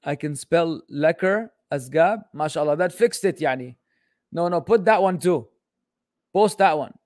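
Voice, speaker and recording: Man, casual Islamic Q&A, teasing, exasperated, high voice. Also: lively intonation, unhurried, a little mellow, no echo, clean studio sound. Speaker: Islamic teacher answering questions. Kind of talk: casual livestream Q&A lesson.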